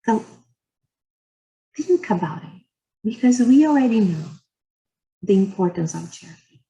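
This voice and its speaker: A woman gives a religious lecture as a guest speaker, unhurried and earnest. She speaks in short, gentle phrases and pauses often between them. Her pitch sits in a middle range. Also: big pitch swings, vocal fry, low-quality recording. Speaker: guest speaker at a spiritist society. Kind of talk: religious lecture with personal stories.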